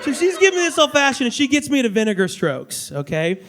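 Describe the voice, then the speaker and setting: A man performing a stand-up comedy set on a club stage, telling crude stories in a loud, animated way. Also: very high voice, quick pace, a crowd in the background. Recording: live club audience laughter.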